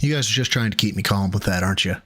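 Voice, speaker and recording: A man's voice: on the low side, very fast, over music. A man streaming, reacting to a clip with sarcastic, exasperated commentary and a lot of swearing.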